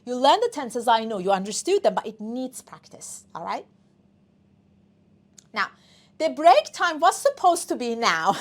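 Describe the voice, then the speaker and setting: A woman's voice: on the high side, very animated, measured pace, pauses often. A woman whose first language is Persian, teaching an online English test class, coaxing students and often checking in with "okay?".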